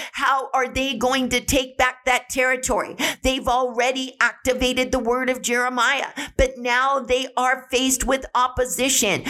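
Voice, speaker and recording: A woman's voice: fairly high pitch, fairly bright tone. A middle-aged woman preacher delivering a sermon in an emphatic, repetitive preaching cadence.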